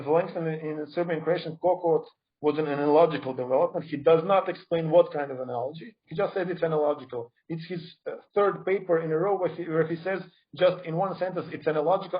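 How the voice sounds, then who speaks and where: A man's voice: fairly high pitch, highs cut off. Argumentative man giving a conference talk. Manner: critical, argumentative, emphatic. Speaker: conference speaker.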